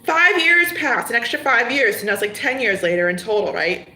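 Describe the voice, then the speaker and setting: A woman doing a livestream tarot reading, telling it as an animated story full of acted-out scenes. Her voice is bright and sits fairly high. The room around her is noticeably echoey. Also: brisk, few pauses. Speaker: tarot reader.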